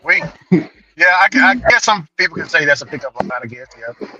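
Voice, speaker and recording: High bright-voiced rambling man. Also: very animated, fast talker, highs cut off. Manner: rambling storyteller with many fillers and restarts. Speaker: delivery driver and show regular. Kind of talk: casual chat. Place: small island town.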